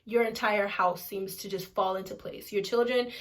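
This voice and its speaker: A woman's voice: mid-range voice, fairly even intonation, normal speed. A woman in her twenties, a single mother, talking candidly to camera at home, frank and informal, swearing and repeating herself for emphasis. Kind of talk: candid casual talk to camera.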